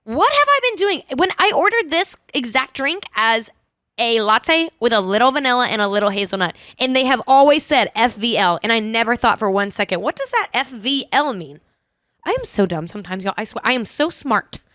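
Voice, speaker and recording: A woman's voice: on the high side, lively intonation, a little fast, fairly bright tone, no echo, studio quality. A young woman hosting a podcast, chatty and self-mocking. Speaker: podcast host. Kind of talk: casual chat.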